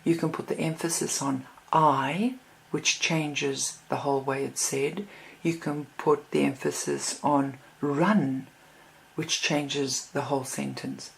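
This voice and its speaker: Low, gravelly woman teaching. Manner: calm, reflective, models sample readings aloud. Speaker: card deck teacher. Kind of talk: instructional talk.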